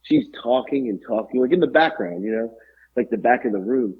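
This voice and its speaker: A middle-aged man tells loose, profane anecdotes in a husky, breathy voice, full of fillers and restarts. The recording is a little dull and lo-fi. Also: mid-range voice, lively intonation, a little fast. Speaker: podcast co-host. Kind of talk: casual storytelling chat.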